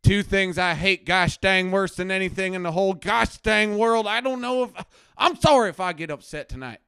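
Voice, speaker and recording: A man's voice: high-pitched, moderate pace, vocal fry, clean tone, no echo, studio quality, heavily acted. A man playing a blustering anti-drug crusader. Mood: ranting. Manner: ranting, preachy, swings between mutters and loud outbursts. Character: blustering self-righteous male anti-drug crusader doctor. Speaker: host. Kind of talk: satirical live-stream rant. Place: home basement.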